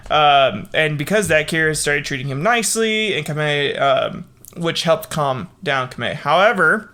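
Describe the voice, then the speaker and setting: A man with a fairly high, pushed, bright voice hosts a casual history podcast. He reads the account with filler words and keeps breaking off into profane asides, laughing at his own jokes in an irreverent way.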